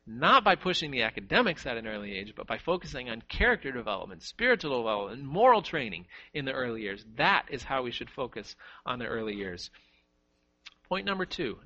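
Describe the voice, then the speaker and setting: Animated, bright-voiced man preaching a sermon. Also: on the high side, lo-fi sound. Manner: emphatic, repeats key words for stress.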